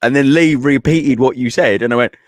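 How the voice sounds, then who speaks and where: A man's voice: medium pitch, fairly quick, dry recording. Male co-host, easygoing banter, mid-range voice, dry. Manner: casual, agreeable banter. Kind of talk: live chat show.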